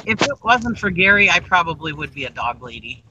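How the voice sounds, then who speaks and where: A woman's voice: lowish voice, very animated, brisk, bright, forceful tone, slightly rough, muffled recording. A woman in casual chat on a video call, chatty and giggly.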